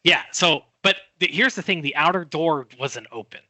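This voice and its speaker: A middle-aged man tells a story as a podcast guest, lively and fond of acting out what everyone said. His voice is very bright and sits a bit high for a man. The sound is dry and close. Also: moderate pace, dry recording. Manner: animated storyteller, acts out quoted voices.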